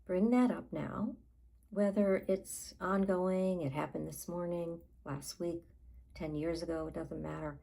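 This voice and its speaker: A woman life coach guiding a tapping session, talking in a calm, unhurried way and pausing between phrases. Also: on the low side, creaky, rough recording.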